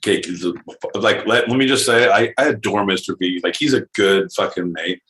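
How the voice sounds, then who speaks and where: A man's voice: on the low side, moderate pace. A man co-hosting a podcast in casual chat, joking and swearing freely over a video call. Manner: profane, joking, excitable. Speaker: podcast co-host. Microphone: headphones with mic.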